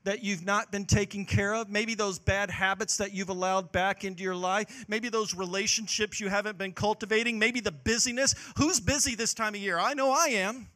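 A male pastor delivers a sermon in a high, bright, forceful voice. He preaches with passion, swinging between loud calls to action and quiet, earnest moments. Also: fairly even intonation, normal speed, few pauses.

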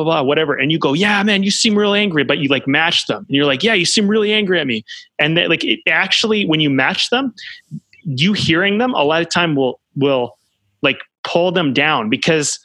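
A man talking in a relaxed podcast conversation, animated and full of fillers, acting out the voices of the people he quotes. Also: fairly high pitch, dry recording. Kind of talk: casual conversation.

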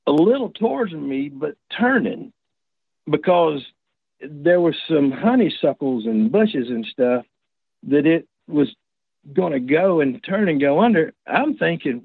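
A man's voice: a little high, creaky, slightly rough, no room sound. A man tells a personal story in a casual, folksy, rambling way, full of restarts and asides. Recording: tinny dry phone line.

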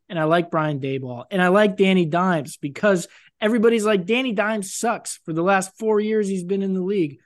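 A man co-hosting a casual sports betting chat, animated and quick to argue his picks. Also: sits high, no echo, studio quality. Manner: animated, breaks into impressions. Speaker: podcast co-host making picks.

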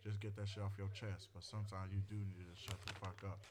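A man's voice: deep voice, level tone, quick pace, noisy background. Laid-back man, casual podcast banter. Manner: laid-back, agreeable backchanneling. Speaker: podcast co-host. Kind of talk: casual chat.

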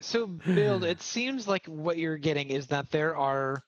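A man's voice: on the high side, lively intonation, a little slow, slight background noise. Man running a tabletop game, muffled mic. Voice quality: hesitant, filler-heavy explaining. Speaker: game master.

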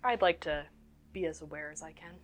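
A woman's voice: deep voice, a little fast. A woman playing a tabletop role-playing game, playful and sassy as she talks in character. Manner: playful, sassy, laughs often. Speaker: player. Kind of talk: casual in-character play.

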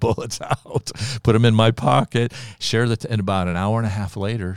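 A man from Ohio telling a personal testimony on a podcast, in an animated storytelling manner and chuckling often. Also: low-pitched, clear, resonant tone, dry recording. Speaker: preacher sharing his testimony.

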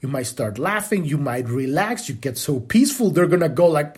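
Male podcast host, spiritual monologue, husky voice, lively swooping pitch, casual and blunt with profanity. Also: normal speed, hardly any pauses.

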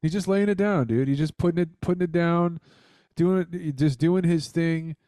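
Mellow-voiced podcast host, rambling and mocking. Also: male voice, fairly high pitch, moderate pace, no room sound, clean studio sound. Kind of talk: casual podcast chat.

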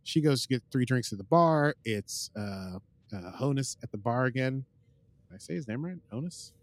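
A man's voice: medium pitch, animated, moderate pace. A man hosting a podcast, casually recapping an episode in a playful, jokey way that drifts into silly bits. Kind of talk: casual chat.

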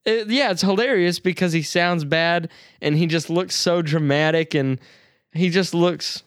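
Crude, joking man with a smooth, dry voice. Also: a little high, a little slow, no echo. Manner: crude, joking, laughs often. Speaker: podcast co-host. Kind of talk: casual movie review chat.

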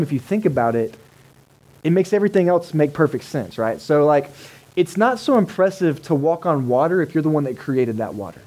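Mellow-voiced pastor preaching casually. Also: male voice, on the high side, poor audio. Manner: conversational, asks the congregation rhetorical questions. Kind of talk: sermon. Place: church service held in a cinema.

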